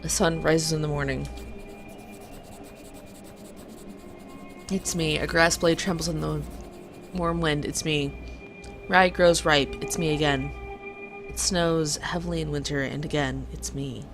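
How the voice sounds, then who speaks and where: Solemn nature spirit from a game, low and even, read by a woman. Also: normal speed, music in the background. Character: ancient genderless forest spirit, calm and ominous.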